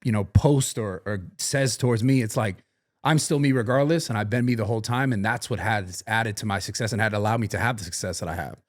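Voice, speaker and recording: A man's voice: lowish voice, brisk. A young man hosting a podcast, speaking in an earnest, reflective way with lots of "like" fillers in casual chat. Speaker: podcast host.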